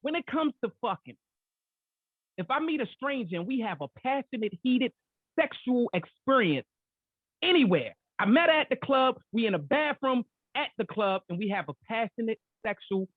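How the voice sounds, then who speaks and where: Loud-mouthed guy arguing his point, cussing, jumping in over people, sounds tinny like a phone. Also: very high-pitched, normal speed, husky, no echo. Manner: animated, profane, talks over others. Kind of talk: heated casual debate.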